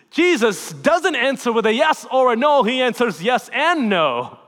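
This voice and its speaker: A pastor giving a sermon, animated and swinging between emphatic and hushed delivery. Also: male voice, very high voice, moderate pace, hardly any pauses. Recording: long reverb in a large hall.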